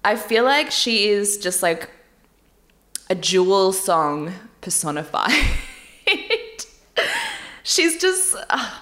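A woman's voice: medium pitch, huge pitch swings, extremely slow, pauses often, a bit bright. A young woman vlogging casually about a dating show, candid and chatty, often laughing and swearing lightly. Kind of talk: casual chat.

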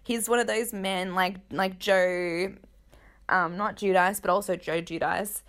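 A woman hosting a casual gossip commentary, candid and joking, with quick asides. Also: medium pitch, fairly even intonation, fairly bright tone. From Australia. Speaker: podcast host.

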